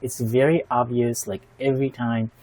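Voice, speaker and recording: A man's voice: mid-range voice, little pitch movement, moderate pace, darkish tone, no echo, rough recording. A man hosts a reaction video, giving thoughtful and admiring commentary with frequent fillers and restarts. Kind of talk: casual spoken commentary.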